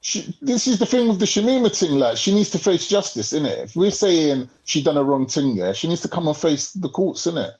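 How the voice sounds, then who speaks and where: A man holds forth in a heated, profane rant. His fairly high voice swoops up and down, and it stays mellow and dark in tone. The recording is a bit muffled and lo-fi. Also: very animated, brisk, few pauses. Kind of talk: casual podcast chat. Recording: slightly muffled lo-fi audio.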